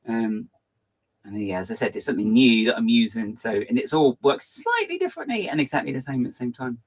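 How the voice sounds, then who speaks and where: A man hosts a casual live stream, talking quickly and excitedly and jumping from one tangent to the next. His pitch swings up and down a lot, and his tone stays chatty and loose. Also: breathy edge. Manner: fast, hyper and rambling. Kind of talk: casual live-stream chat, reading viewer comments.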